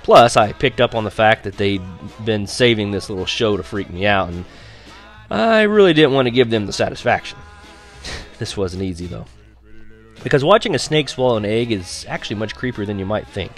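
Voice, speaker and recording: A man's voice: on the low side, animated, moderate pace, soft background music. A man narrating a children's novel in a wry, chuckling storytelling manner. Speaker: audiobook narrator. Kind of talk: scripted narration.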